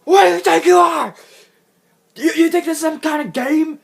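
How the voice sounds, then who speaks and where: A man imitating a furious older male coach who shouts and rants at a much higher pitch than his own voice. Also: normal speed. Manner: ranting, high and shouted.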